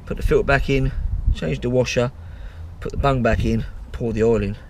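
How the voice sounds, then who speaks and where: A man's voice: mid-range voice, fairly even intonation, moderate pace, darkish tone, slight background noise. A man casually talking through a motorbike service step by step, chatty and jokey. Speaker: home mechanic.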